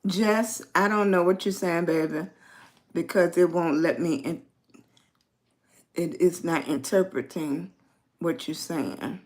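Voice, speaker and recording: A middle-aged woman from Virginia with a soft Southern accent talks to her livestream viewers in an unhurried, easy way. Her voice sits a little low for a woman, and she draws her words out. She greets people in the chat by name and spells them out. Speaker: lifestyle livestreamer.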